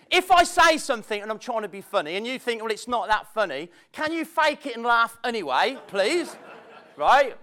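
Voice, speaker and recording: A man speaks on stage at a seminar, his voice pitched high and swinging up and down. He tells stories to the crowd in a chatty, self-mocking way. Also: sharp tone. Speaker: motivational speaker. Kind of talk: live seminar talk to an audience. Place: seminar room with audience. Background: audience laughter.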